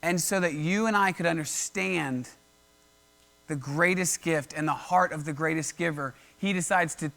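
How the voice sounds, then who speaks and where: A man's voice: fairly high pitch, normal speed, gravelly, sharp tone. A man preaching a casual, conversational sermon, telling a Bible story in everyday slang and acting out the characters. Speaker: pastor.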